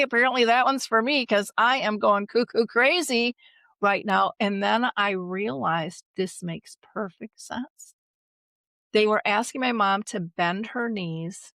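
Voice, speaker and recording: A middle-aged woman, a guest on an interview podcast, telling personal stories in an animated, emotional way and acting out the voices in them. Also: mid-range voice, no room sound. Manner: animated, emotional storyteller who acts out voices. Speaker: guest, dementia caregiving advocate. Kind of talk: conversational storytelling.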